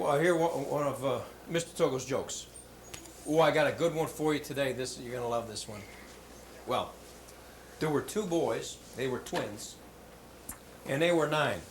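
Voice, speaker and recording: A man giving a motivational talk to schoolchildren, telling jokes in an animated, hammy storytelling manner in a school hall. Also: on the high side. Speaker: motivational speaker. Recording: roomy hall with faint background noise.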